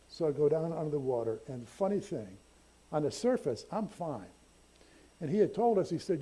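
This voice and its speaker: A man's voice: on the high side, expressive, normal speed, long pauses, mellow, husky. An older man, a pastor, telling a personal story in a conversational, self-deprecating sermon. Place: church sanctuary.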